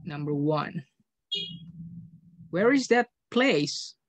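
A man's voice: a little high, animated, drawn-out words. A man with an Indonesian accent teaching an English class over a video call, patiently calling on pupils and explaining grammar step by step. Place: online meeting from home.

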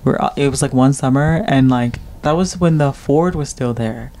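A man's voice: mid-range voice, normal speed. A man hosting a casual podcast chat with his siblings, telling stories animatedly and cursing freely. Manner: animated storytelling with profanity. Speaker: podcast host.

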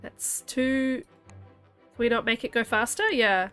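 A woman streaming a game, chatting and thinking aloud excitedly, a little under the weather. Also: on the high side, takes it slowly, faint music behind. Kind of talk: casual game commentary.

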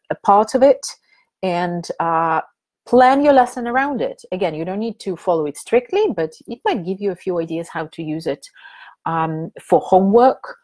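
A woman's voice: on the low side, warm tone. Chatty woman presenting a webinar. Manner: chatty, hesitant, many fillers and restarts. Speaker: teacher trainer presenting a webinar.

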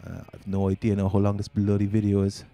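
A man's voice: lowish voice, completely flat delivery, quick pace, mellow, dry recording, faint music behind. A man with a Cork accent, chatting casually and rambling through his first gaming commentary as a channel host. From Ireland.

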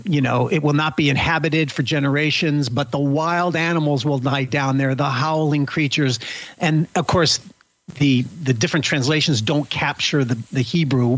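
A man's voice: on the high side, fairly bright tone, dry recording, rough recording. A man thinking aloud as a panelist in a casual roundtable discussion over a video call. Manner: thinks aloud, self-correcting.

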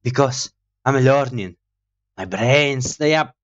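Excitable man, slightly dull mic. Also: medium pitch, measured pace. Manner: excitable, jokey, laughs at himself. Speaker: gaming YouTuber. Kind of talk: casual let's-play commentary.

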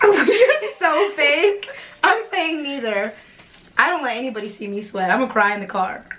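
A woman's voice: fairly high pitch, expressive, fairly quick, pushed and bright. Teasing young woman chatting with a friend. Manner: teasing, laughs often, reads questions aloud. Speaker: YouTube vlogger. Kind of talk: casual chat with a friend.

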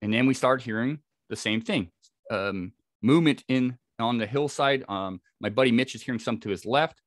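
A man's voice: medium pitch, a little fast, no echo, clean studio sound. A man, a podcast guest, telling a vivid first-person encounter story with frequent restarts. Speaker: podcast guest, Bigfoot researcher.

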